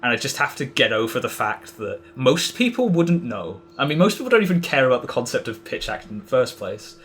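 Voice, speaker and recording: A man's voice: mid-range voice, big pitch swings, fairly quick, fairly bright tone, a little hiss or hum. A young man talking as a podcast guest, hesitant and casual, full of fillers and restarts. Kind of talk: casual conversational interview.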